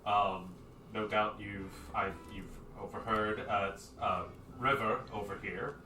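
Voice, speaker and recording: A man's voice: fairly low pitch, fairly even intonation, slow, sharp tone, echoey room, distant mic, a little hiss or hum. Man playing Sir Barrington, a stammering flustered knight. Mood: formal. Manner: stammering, overly formal, full of "uh"s. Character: flustered, awkward human knight in armor.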